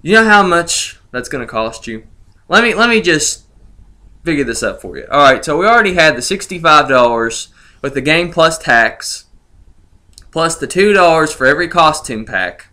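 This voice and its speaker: Young male gaming vlogger, sarcastic and gloating, bright, slightly high voice. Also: animated, moderate pace. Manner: sarcastic, gloating, laughs incredulously. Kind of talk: ranting video commentary.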